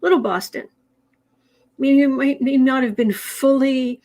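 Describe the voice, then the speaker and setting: Higher-pitched woman, chatty astrology stream host who rambles with restarts. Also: a little slow, rough recording. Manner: chatty, rambling, with frequent restarts and soft laughs. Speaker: tarot and astrology livestream host. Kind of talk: casual livestream chat, reading viewer comments.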